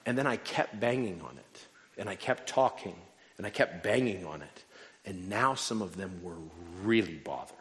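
A male pastor with a fairly low voice preaches to a congregation, mixing dry, self-mocking humor into his sermon. His words ring out with a long reverb, as in a large church sanctuary. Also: expressive, moderate pace. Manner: humorous storytelling with wry asides.

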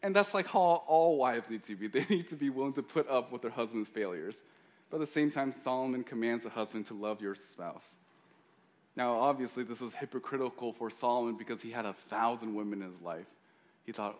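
A man's voice: medium pitch, fairly quick, darkish tone. A male pastor preaching a sermon in a joking, conversational way.

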